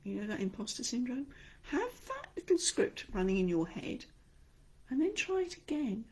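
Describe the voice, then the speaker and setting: Aussie lady voice coach, husky and a bit gravelly, acts out the voices in your head. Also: fairly high pitch, normal speed. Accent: Australian. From Australia. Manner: expressive, demonstrates by acting out inner voices. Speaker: speaking coach. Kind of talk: online speaking lesson.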